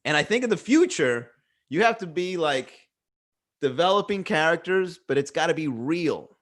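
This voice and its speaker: Male podcast host, slightly high voice, rambling and philosophical, loose and profane, recorded at home. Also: expressive, moderate pace, a bit bright. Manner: rambling, musing, swears freely, many fillers. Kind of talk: casual solo podcast monologue. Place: indoors at home.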